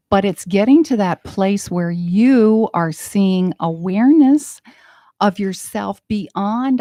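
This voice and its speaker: A woman's voice: medium pitch, mellow, no echo, studio quality. A woman speaking as a life coach guest in an interview, earnest and full of fillers and restarts. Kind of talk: casual interview chat.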